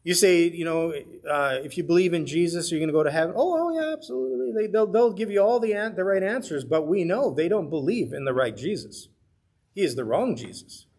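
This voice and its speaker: A man's voice: fairly high pitch, brisk, a little mellow. A man teaching a Bible study as pastor, in an earnest, conversational way, sometimes acting out the voices he quotes.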